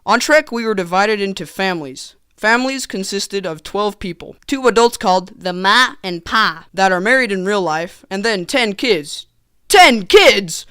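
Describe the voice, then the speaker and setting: A teenage young man narrating a comedic storytime vlog in a sarcastic, animated, joking manner. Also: high voice, moderate pace, hardly any pauses, smooth, no room sound, clean studio sound. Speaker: vlogger.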